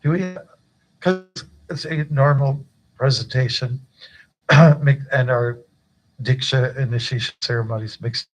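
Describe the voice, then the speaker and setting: A man's voice: mid-range voice, low-quality recording. Chatty older man giving initiation. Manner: chatty, joking, with frequent fillers and laughs. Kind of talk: informal initiation talk. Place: temple gathering.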